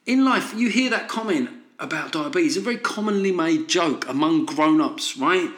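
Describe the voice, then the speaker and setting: A man's voice: mid-range voice, expressive, moderate pace, a bit bright. A man hosting a solo comedy podcast, ranting sardonically and tossing in frequent "right?" asides. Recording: roomy echo.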